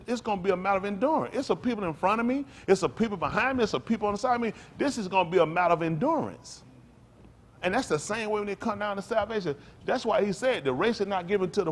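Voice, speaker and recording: A man preaching a sermon, talking straight to the congregation and repeating his phrases. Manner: conversational preaching, calls out to the congregation; repeats phrases, swings from low murmurs to loud raised lines. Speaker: pastor.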